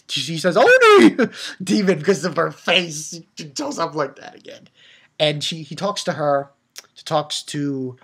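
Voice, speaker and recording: Getting emotional about the plot, an anime reviewer gives a loose episode recap full of fillers and frequent restarts. The voice has a medium pitch and a sharp tone.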